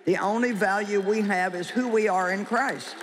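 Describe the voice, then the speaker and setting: A woman's voice: medium pitch, moderate pace, very noisy. A woman preaching a sermon to a live congregation, emphatic and joking, often quizzing her listeners. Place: large hall with an audience. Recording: long hall reverb with faint crowd.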